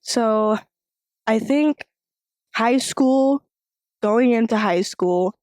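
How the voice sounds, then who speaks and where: A woman's voice: on the high side, drawn-out words, dry recording, clean studio sound. A young woman guest on a church podcast, a worship singer, chatting loosely with lots of "like". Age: young adult. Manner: relaxed, many "like" fillers, agreeing murmurs. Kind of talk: casual interview chat.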